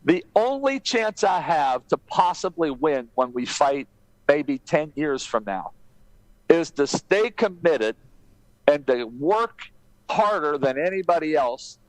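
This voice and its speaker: A man imitating a determined young male boxer friend, speaking low and earnestly. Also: very animated, slow pace, no echo, rough recording.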